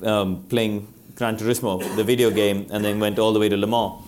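A man's voice: lowish voice, a little fast, slight background noise. A middle-aged man, a former racing driver, telling anecdotes on a live panel and laughing often. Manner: animated storytelling, laughs often.

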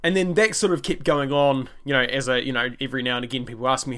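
A man's voice: mid-range voice, fairly even intonation, quick pace, hardly any pauses, sharp tone. A young man hosting his own podcast, chatting casually and rambling with lots of fillers and restarts. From New Zealand. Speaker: podcast host. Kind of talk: casual solo podcast, answering listener questions.

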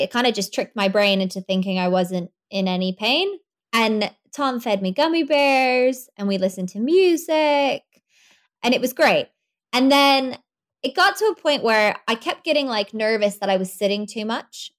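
A young woman, a podcast guest, telling her birth story in an animated way, laughing often. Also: medium pitch.

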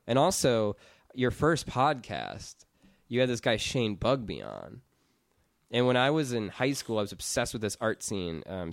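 A man's voice: fairly low pitch, dry recording. A young man chatting casually on a podcast, rambling earnestly with lots of fillers, close on the mic. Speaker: podcast network founder.

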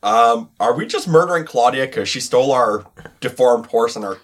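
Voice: mid-range voice, animated, moderate pace. Joking player at a game table. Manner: joking, playful. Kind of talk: casual chat at a game table.

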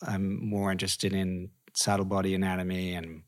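A man's voice: deep voice, monotone, normal speed. A man who teaches yoga, a guest in a casual interview, speaking thoughtfully and often restarting his sentences.

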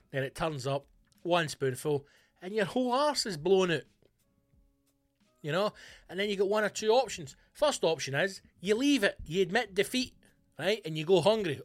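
Man, podcast host, sweary comic rant, fairly high voice, dry close mic. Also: normal speed, dry recording, faint music behind. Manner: sweary, animated ranting. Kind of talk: comic ranting monologue.

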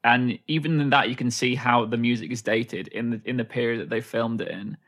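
A man's voice: medium pitch, steady tone, brisk, fairly bright tone. A man co-hosting a casual film discussion podcast, often chiming in agreeably. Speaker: podcast co-host.

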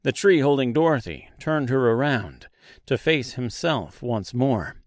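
Slow, deliberate male storyteller. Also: medium pitch, animated, no room sound, studio quality. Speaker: audiobook narrator. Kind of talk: scripted audiobook narration.

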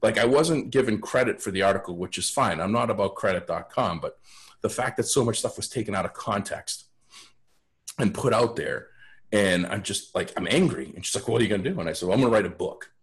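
A man's voice: on the low side, animated, fairly quick. A man guesting on a podcast, telling stories in a blunt, frank way and often restarting his sentences. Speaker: podcast guest, sales author. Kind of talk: casual storytelling.

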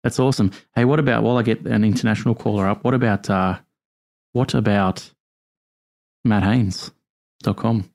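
A man hosting a call-in podcast, with a somewhat low voice. He chats casually, jokes and laughs easily with his co-host and callers. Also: steady tone, moderate pace, vocal fry, long pauses, a little mellow. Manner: friendly, banters and laughs easily.

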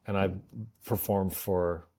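Canadian guest actor, low voice, easygoing and self-deprecating, quick to laugh. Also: male voice, level tone, dark tone. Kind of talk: casual interview chat.

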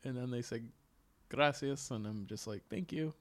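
A man's voice: medium pitch, moderate pace. A man in casual podcast chat, laid-back and wry, swearing now and then.

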